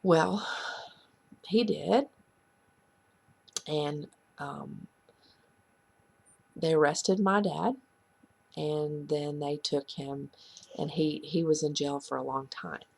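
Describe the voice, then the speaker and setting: A woman earnestly sharing a painful personal story in a halting, confessional way. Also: deep voice, fairly even intonation, vocal fry, darkish tone, breathy edge. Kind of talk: heartfelt personal testimony.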